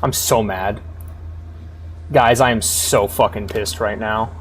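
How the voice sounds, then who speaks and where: Slow and on the low side, this man's voice keeps a steady tone against a little hiss or hum. As he streams a game live, he rants in exasperation at his viewers, swearing a lot and frequently stumbling and starting over.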